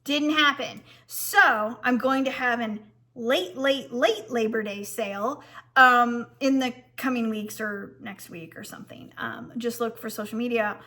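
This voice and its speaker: A woman's voice: on the high side, unhurried, sharp tone. A woman who designs fabric and runs a shop, chatting casually to viewers with frequent ums and restarts.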